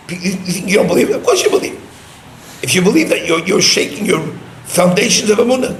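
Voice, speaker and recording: A man's voice: sits high, lively intonation, quick pace. A man giving a sermon as a rabbi, talking emphatically and with scorn, dropping Hebrew and Yiddish terms. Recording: roomy echo, faint background hum.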